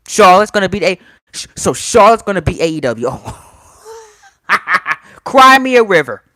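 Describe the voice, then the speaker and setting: A man's voice: high voice, animated, moderate pace, pushed and bright, no room sound. A man reviewing a wrestling show in a casual, exasperated rant, repeating himself and talking straight to his viewers. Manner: exasperated, repetitive, talks to viewers directly.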